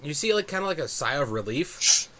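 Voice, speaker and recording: A man's voice: fairly high pitch, sing-song, fairly quick, bright, forceful tone. A man narrating as game master of a tabletop game, rambling with fillers.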